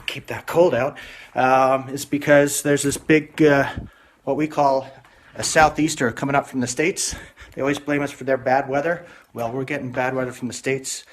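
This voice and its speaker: A man's voice: medium pitch, a bit bright, a little hiss or hum. A Canadian man giving a comic weather report with dry, self-mocking asides.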